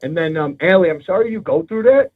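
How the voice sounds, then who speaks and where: A man's voice: high voice, lively intonation, fast. A man calling in to a talk show, chatting loosely and swearing freely. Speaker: caller. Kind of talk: casual chat over the phone. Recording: tinny phone line.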